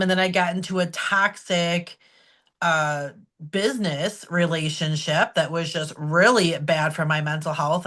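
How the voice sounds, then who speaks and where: Candid forties woman, lowish voice. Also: bright, forceful tone. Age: 40s. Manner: open, emotional, conversational with frequent "like" fillers. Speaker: podcast host. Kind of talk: candid personal storytelling.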